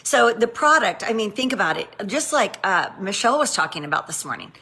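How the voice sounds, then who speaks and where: Woman, middle-aged, motivational training talk, sassy, animated, bright forceful tone. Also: medium pitch, fairly quick, husky. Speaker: network marketing trainer.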